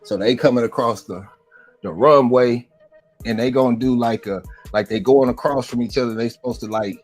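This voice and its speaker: A man's voice: mid-range voice, normal speed, faint music behind. A man in casual chat, talking in a laid-back, slangy way with lots of "man" fillers. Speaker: podcast co-host. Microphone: livestream mic.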